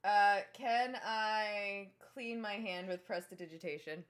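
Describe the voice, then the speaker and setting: A woman playing a tabletop game, animated and giggly, describing her character's actions. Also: medium pitch. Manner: animated and giggly, slow drawn-out delivery. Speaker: player. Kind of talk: tabletop game play, casual chat.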